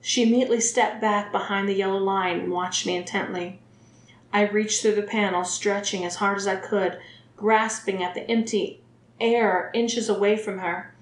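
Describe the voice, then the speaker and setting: A woman reading a first-person story aloud in a steady, even way. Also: mid-range voice, moderate pace. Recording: roomy echo.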